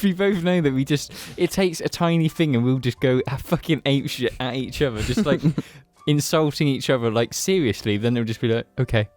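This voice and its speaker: A man's voice: fairly high pitch, a little mellow. A young man co-hosting a podcast in casual chat, rambling, restarting and laughing as he talks. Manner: rambling, self-correcting, laughs often. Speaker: podcast co-host.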